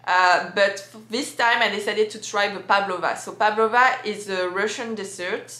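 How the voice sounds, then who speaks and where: A woman's voice: mid-range voice, steady tone, normal speed, bright, forceful tone. A young woman from France with a French accent, chatting casually in a vlog with many fillers and restarts. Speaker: vlogger. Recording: echoey room.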